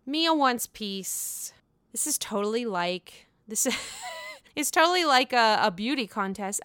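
A woman's voice: fairly high pitch, expressive, fairly bright tone, smooth, dry recording, studio quality. Sassy, profane woman recapping reality TV. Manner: sassy, profane, mimics cast members in quick put-on voices. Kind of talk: casual reality show recap commentary.

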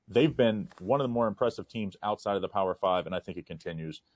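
A man giving a confident, brisk betting pick as a guest handicapper. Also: on the low side, dry recording. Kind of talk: sports betting analysis.

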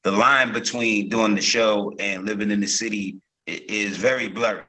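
A man from Newark chats as a guest actor in a casual podcast interview. His voice sits a little low but sounds bright and forward. He rambles, with plenty of ums, restarts and "you know"s. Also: moderate pace, slightly rough, rough recording. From Newark, New Jersey. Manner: relaxed storytelling with many fillers and restarts.

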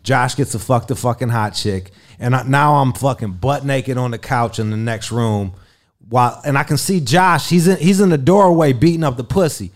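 A man telling a story in casual podcast chat, rambling and swearing constantly, animated and comic, full of fillers. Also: mid-range voice, normal speed. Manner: profane, rambling, lots of fillers.

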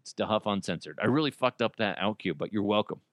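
A man's voice: lowish voice, quick pace, a bit bright. A man hosting his own podcast, talking casually and jokingly, rambling with frequent restarts. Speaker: podcast host. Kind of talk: casual solo podcast monologue.

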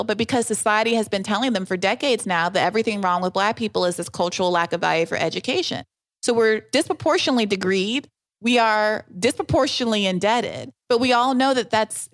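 A woman with a mid-range voice speaks as a podcast guest. She often hedges at the start of a thought, then presses her argument with growing conviction. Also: mid-range voice. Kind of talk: conversational interview.

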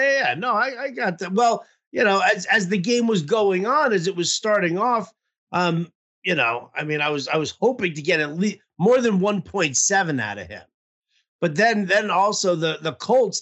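A man with a bright, fairly high voice, chatting casually on a podcast. He rambles through a profane story with lots of restarts and fillers. He sounds worn down by a throbbing toothache. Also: lively intonation, normal speed. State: toothache pain. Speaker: podcast co-host. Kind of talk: casual fantasy football chat.

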